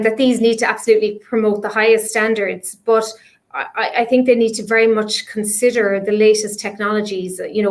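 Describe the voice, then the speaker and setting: Woman, panelist, monotone delivery, hesitant, restarts sentences, video call. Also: mid-range voice. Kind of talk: online panel discussion.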